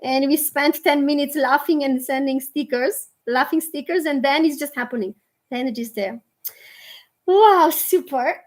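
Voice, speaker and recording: Woman, high voice, Romanian native speaker, spiritual teacher, livestream prayer, chatty, gentle, laughs often. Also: moderate pace. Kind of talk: guiding a group prayer on a livestream.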